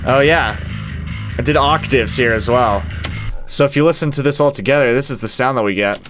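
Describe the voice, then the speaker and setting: Over background music, a man who produces for a band and plays its guitar casually walks through how a song was made, counting its beats aloud. His voice is mid-range and a little fast.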